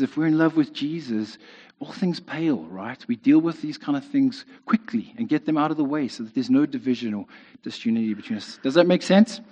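A man preaching a sermon in a conversational way, often checking in with "right?". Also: fairly high pitch. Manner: conversational, keeps asking "right?". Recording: dull lo-fi sound with long reverb in a hall.

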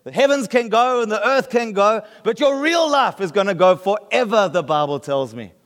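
This pastor, a man from South Africa with a matching accent, speaks at normal speed in a high-pitched voice with lively intonation. He preaches conversationally and keeps asking listeners if they follow, with a long reverb tail trailing his words.

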